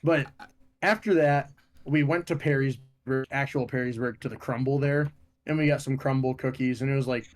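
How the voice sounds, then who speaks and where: A young man from Ohio swaps stories on a podcast in relaxed, casual chat. He swears freely and tells his stories with lots of energy. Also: medium pitch, moderate pace. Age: young adult. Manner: profane, animated storytelling. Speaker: podcast co-host.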